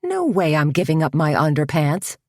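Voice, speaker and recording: A woman's voice: deep voice, wildly swooping pitch, normal speed, dry recording, full character voice. A woman voicing a wry, nervous small-town woman in a storybook reading, with a dry delivery.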